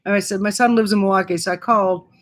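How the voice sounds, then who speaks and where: Middle-aged woman vlogger, casual storyteller, filler-heavy, average pitch. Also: steady tone, fast talker. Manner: chatty, many fillers and restarts.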